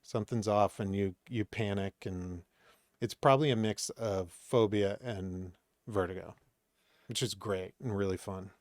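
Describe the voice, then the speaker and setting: A man's voice: lowish voice, a little slow, no echo, studio quality. A man, a comedian chatting as a podcast guest and acting out quoted exchanges as he tells stories. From Maine, USA. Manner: animated storytelling, acts out quoted exchanges. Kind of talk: casual chat.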